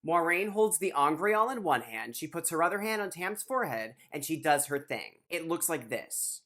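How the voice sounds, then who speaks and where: A woman's voice: low-pitched, very animated, normal speed, fairly bright tone. A woman hosting a comedic book recap with wry, sarcastic asides. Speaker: host.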